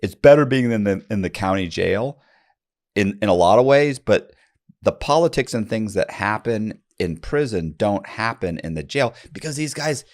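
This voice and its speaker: A man telling a prison story in a casual interview, jumping up in pitch when he acts out other people's lines. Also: moderate pace. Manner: lively storyteller, jumps high when acting out quoted voices.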